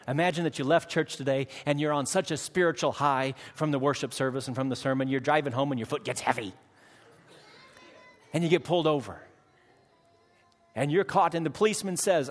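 A man preaching a sermon to a congregation, dramatic, slowing down and changing his loudness for emphasis and acting out short exchanges with his listeners. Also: medium pitch. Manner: acts out quick dialogue with the congregation. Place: church hall. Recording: long hall reverb.

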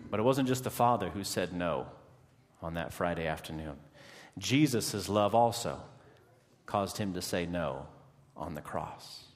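A man preaching a sermon, swinging dramatically between hushed, quiet lines and impassioned, raised ones. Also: lowish voice, in a large hall.

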